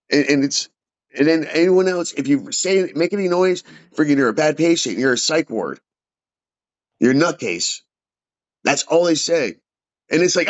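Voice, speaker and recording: Man, agitated, halting, swears a lot, muffled lo-fi audio. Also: on the high side. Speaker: veteran venting about care. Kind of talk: casual emotional chat. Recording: dull lo-fi sound.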